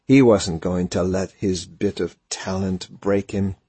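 Low husky guy reading a story, real slow, dry mic. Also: fairly even intonation, mellow, no echo. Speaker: audiobook narrator. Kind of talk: scripted narration.

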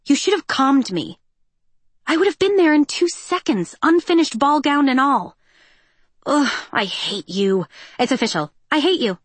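A woman voicing an excitable, theatrical teenage girl who gushes and whines, in an audiobook. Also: fairly high pitch, moderate pace, no room sound, pitched above the performer's own voice. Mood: exasperated. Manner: gushing, whiny, theatrical. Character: excitable teenage girl, dramatic, bubbly stepsister.

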